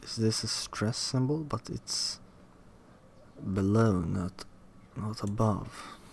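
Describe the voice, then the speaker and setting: Slow, low-voiced man reading haltingly. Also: creaky, slight background noise. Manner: halting, restarts words and questions the text aloud. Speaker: reader studying a linguistics textbook. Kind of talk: reading aloud with self-commentary.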